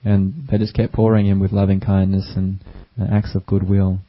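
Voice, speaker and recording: A male meditation teacher gives a gentle, unhurried dharma talk. His deep voice stays very flat and even. The recording is dull and lo-fi. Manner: gentle, unhurried, with many fillers.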